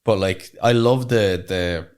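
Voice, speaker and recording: A low-pitched Irish man chatting on a podcast. His talk is blunt and full of swearing, and he riffs loosely with his co-host. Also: takes it slowly, smooth. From Ireland. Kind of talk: casual chat.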